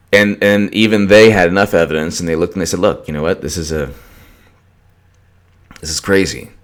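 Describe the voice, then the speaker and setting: A man giving opinionated political commentary in a ranting, mocking way, with many restarts. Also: low-pitched.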